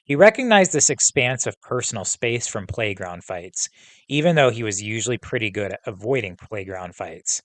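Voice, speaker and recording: A male teacher reading a novel aloud to students, pausing to pose comprehension questions in a steady, instructive way. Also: fairly low pitch, no room sound.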